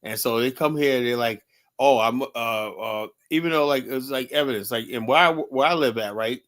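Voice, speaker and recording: An American man talks in a loose, rambling way, cursing and drifting into asides. His voice sits at an ordinary middle pitch. It's casual, opinionated chat. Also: normal speed, fairly bright tone. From United States. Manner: loose rambling talk, swears, trailing asides.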